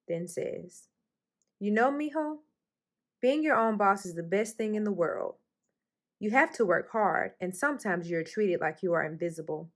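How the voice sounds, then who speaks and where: Woman reading a picture book aloud. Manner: expressive, lifts her voice high for the characters' lines. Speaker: storytime reader.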